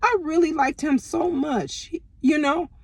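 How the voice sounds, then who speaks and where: Young woman, storytime vlogger, brash and profane, slightly high voice, dry close mic. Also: unhurried, no echo. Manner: animated, profane, lots of slang. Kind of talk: casual storytelling.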